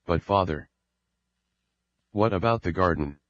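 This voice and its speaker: A man's voice: low voice, a little slow, a bit bright, no room sound, dull audio. A man reading an ashamed, pleading young son. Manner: pleading, apologetic. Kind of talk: audiobook reading.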